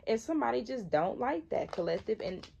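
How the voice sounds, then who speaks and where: A woman's voice: on the high side, big pitch swings, brisk, creaky, dark tone, slight background noise. A woman in her twenties from Michigan giving a casual, slangy tarot reading, repeating herself for emphasis. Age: 20s. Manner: conversational, repetitive, slangy, emphatic. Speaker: tarot reader.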